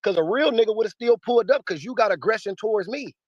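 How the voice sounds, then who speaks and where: A man's voice: high voice, expressive, fast, husky, dry recording, highs cut off. A man speaking in a heated interview, combative, emphatic and profane. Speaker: battle rapper interviewee.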